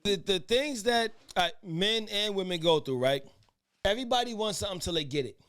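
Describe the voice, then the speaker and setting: A man's voice: sits high, expressive, brisk, a bit bright, smooth. A man hosting a casual podcast debate, who keeps calling for order and talks in rambling restarts. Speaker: podcast host.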